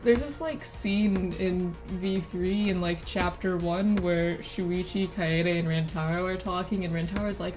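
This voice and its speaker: A woman's voice: lowish voice, normal speed, darkish tone, soft background music. Rambling woman VTuber streamer. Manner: rambling, self-interrupting, with giggly asides. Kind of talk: casual live-stream chat while drawing.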